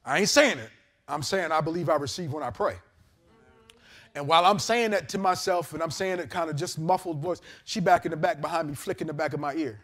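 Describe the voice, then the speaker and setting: A man preaching, his voice sitting high for a man. He tells his story with animated character voices, breaking into laughter as he goes. It sounds like a live sermon delivered on a mic. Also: fairly quick. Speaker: pastor. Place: church service in a hotel venue. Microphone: handheld or lapel mic.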